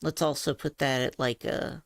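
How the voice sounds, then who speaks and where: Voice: mid-range voice, fairly even intonation, normal speed, creaky, no echo, clean studio sound. A vlogger talking through voice training practice in a thoughtful, self-critical way, explaining each step. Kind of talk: casual voice training vlog.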